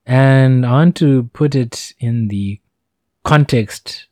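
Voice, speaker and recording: A man's voice: medium pitch, slow, dark tone, dry recording, clean studio sound. A man giving a casual, meandering monologue with informal asides. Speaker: solo talker.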